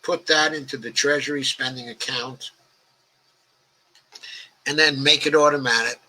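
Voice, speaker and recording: An elderly man from the Bronx with a strikingly bright, sharp-edged voice. He hosts a political stream, reading viewer comments aloud and chatting back at them. His talk rambles along, padded with "okay" and "uh". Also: medium pitch, steady tone, unhurried, rough recording. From New York, the Bronx. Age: 80s. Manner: rambling and conversational, peppered with "okay" and "uh". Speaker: political livestream host.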